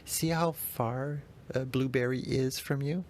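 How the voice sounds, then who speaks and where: A man's voice: mid-range voice, fairly even intonation, a little slow, darkish tone, slight background noise, voice pushed up, natural voice. A man doing his small daughter's earnest voice. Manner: earnest, childlike insisting. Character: small cuddly daughter explaining near and far.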